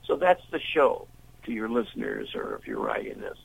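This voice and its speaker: An older man, a musician and interview guest, telling a long anecdote in a lively way and acting out the voices of the people in it. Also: extremely low pitch, normal speed, creaky, breathy edge, low-quality recording. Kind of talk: storytelling in an interview.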